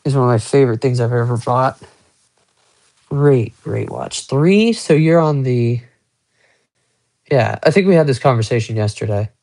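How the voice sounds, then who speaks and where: A man's voice: medium pitch, expressive, normal speed, long pauses, a little mellow. A young man chatting casually with viewers on a phone live stream from a small room at home, rambling as he shows off his guitars and watches. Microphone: phone held close.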